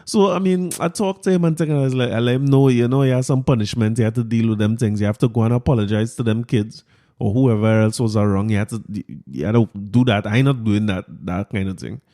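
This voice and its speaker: Male podcast host, mellow voice, laughs his way through casual stories. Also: medium pitch, fast talker. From Trinidad and Tobago. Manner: animated, laughs often while telling a story. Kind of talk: casual storytelling monologue.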